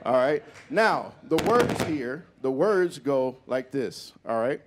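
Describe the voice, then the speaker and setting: A man's voice: medium pitch, very animated, takes it slowly, noisy background. A man on a jazz club stage, leading the audience in a call-and-response with playful, folksy banter and short sung snippets. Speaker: bandleader leading audience participation. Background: live jazz band.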